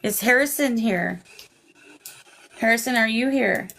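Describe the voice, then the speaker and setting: A woman's voice: on the high side, measured pace, gravelly, bright, forceful tone, a little hiss or hum, poor audio. A woman hosting a live paranormal investigation, calling out to spirits and answering viewers by name. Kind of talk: live ghost-hunt chat.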